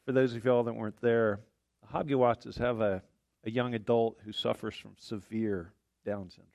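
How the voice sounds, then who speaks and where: Male pastor, folksy sermon, mid-pitched, dry mic. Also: steady tone, normal speed, vocal fry, darkish tone, dry recording, muffled recording. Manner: folksy, conversational, joking. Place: church sanctuary.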